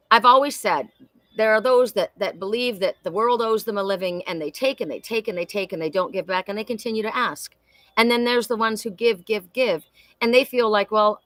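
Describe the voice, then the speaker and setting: Bright, forceful middle-aged woman. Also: fairly high pitch, no room sound. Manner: emphatic and heartfelt, with many repetitions and restarts. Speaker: oracle card reader hosting a weekly live reading. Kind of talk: spiritual live-stream talk.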